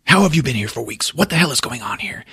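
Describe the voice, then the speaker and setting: A man's voice: mid-range voice, lively intonation, fast talker, pushed and bright, breathy edge, no room sound, clean studio sound, pitched above the performer's own voice, exaggerated voice. A man voicing an impatient, brash male warrior god who talks bluntly and swears a lot. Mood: exasperated.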